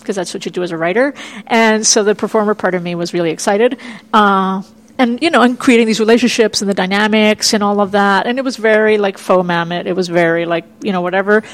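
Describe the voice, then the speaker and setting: Playwright guest, woman from Miami, lively storyteller who plays out her own reactions in an interview indoors. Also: mid-range voice. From Miami, United States. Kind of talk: casual interview chat. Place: indoor room in Chicago.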